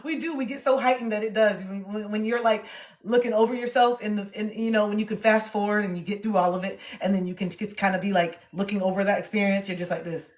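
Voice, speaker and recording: A woman streaming live and talking straight to her audience in a casual pep-talk way. She is blunt and swears freely, with a mid-pitched voice. She jumps from loud, dramatic bursts to low, quiet murmurs. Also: steady tone, quick pace. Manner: dramatic, swings from loud outbursts to soft murmurs; blunt and profane, talks straight to the viewer. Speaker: livestreamer.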